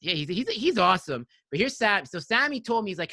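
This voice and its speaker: Rambling podcast host, fairly high voice. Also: male voice, very animated, fairly quick, bright, forceful tone, dry recording. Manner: rambling storyteller, heavy filler words. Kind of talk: casual chat.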